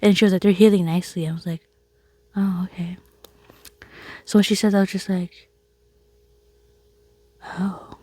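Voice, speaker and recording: A woman telling a casual storytime to her viewers, chatty and laughing, often dropping into a soft whisper. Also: medium pitch, no room sound. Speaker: vlogger.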